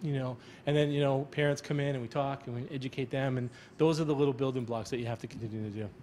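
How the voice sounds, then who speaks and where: A man's voice: mid-range voice, fairly even intonation, fast talker, dark tone, a little hiss or hum. A middle-aged man, a school counselor, talking casually on a panel, rambling and repeating words as he reassures parents.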